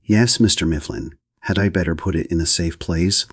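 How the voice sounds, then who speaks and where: A man's voice: deep voice, moderate pace, breathy edge, dry recording, studio quality. A man doing a blithe, carefree young woman. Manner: blithe, chirpy. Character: cheerful, carefree young woman shop helper.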